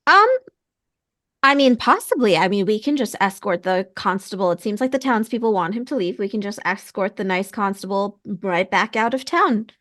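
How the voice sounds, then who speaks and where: A woman's voice: medium pitch, normal speed, a bit bright. A woman playing a tabletop game, practical and direct. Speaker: player.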